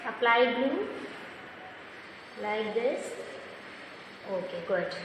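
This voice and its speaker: Slow patient woman teaching kids a craft. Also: fairly high pitch, slight background noise. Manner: slow, patient, instructive, praising often. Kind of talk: step-by-step craft lesson for children. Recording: very echoey room with long reverb.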